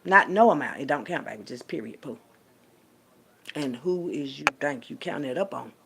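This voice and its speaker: A woman delivering a profane, preachy rant as a little sermon, swinging between hushed asides and loud outbursts. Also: very deep voice, expressive, normal speed, vocal fry, heavy background noise. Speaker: vlogger giving a street sermon.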